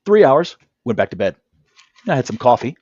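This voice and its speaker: A negotiation trainer tells stories from his training work in an interview, animated and lively, acting out the voices of clients and colleagues when he quotes them. His mid-pitched voice is dry, slightly rough and a bit dull, as though captured by a video call camera. He talks at a normal speed, with no room sound.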